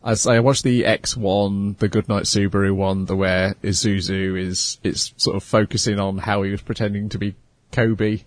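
A man's voice: on the low side, steady tone, moderate pace, no echo. A man co-hosting a podcast, chatting casually with hesitant, filler-heavy phrasing. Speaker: podcast co-host. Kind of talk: casual chat.

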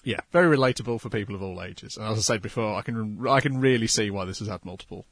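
A man chatting casually on a podcast, agreeable and trailing off softly. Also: lowish voice, quick pace, dry recording, studio quality. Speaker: podcast co-host. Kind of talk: casual chat.

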